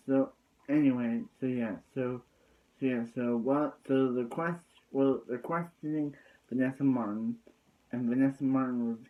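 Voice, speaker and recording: A man's voice: mid-range voice, dark tone, rough recording. A man casually recapping a TV episode, rambling with constant fillers and restarts. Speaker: TV episode reviewer.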